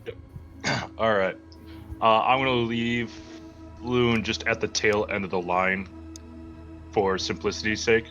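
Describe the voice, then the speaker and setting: Man, game master, bright tone, dry teasing, laughs a lot, dull lo-fi audio. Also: on the low side, fairly even intonation, unhurried, pauses often, soft background music. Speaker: dungeon master. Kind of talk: running a tabletop game.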